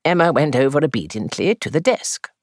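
Brief: male storyteller, expressive rising and falling delivery, dry close-miked sound. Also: fairly high pitch, no room sound. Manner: measured, composed first-person storytelling. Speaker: narrator. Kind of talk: audiobook narration.

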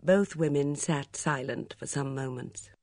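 An audiobook narrator reading a mystery novel in a measured, even storytelling manner. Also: medium pitch, no room sound. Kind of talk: scripted narration.

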